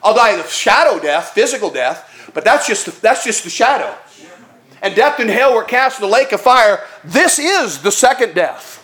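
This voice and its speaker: A man's voice: high voice, sing-song, moderate pace, a bit bright. A male pastor preaching a sermon in a folksy, emphatic, conversational way.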